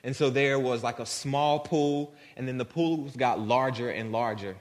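A male pastor preaching a sermon, swinging from loud, fervent emphasis to soft, tender tones. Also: medium pitch, a little slow. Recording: long hall reverb.

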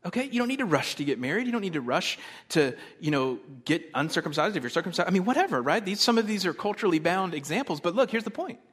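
A man preaching a sermon as pastor, conversational, swinging between loud emphasis and soft, quiet asides. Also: high-pitched, big pitch swings, quick pace, hardly any pauses, slightly rough.

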